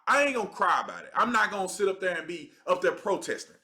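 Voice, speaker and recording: Thirties man, livestream host. High, bright voice, emphatic and conversational. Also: big pitch swings, fast talker. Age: 30s. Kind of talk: casual livestream commentary.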